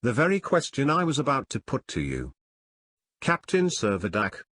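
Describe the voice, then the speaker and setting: A man's voice: medium pitch, wildly swooping pitch, normal speed, fairly bright tone, no room sound. Man reading as a stiff, formal count. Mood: composed. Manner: formal, courteous, reserved. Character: stiff, composed aristocratic male count.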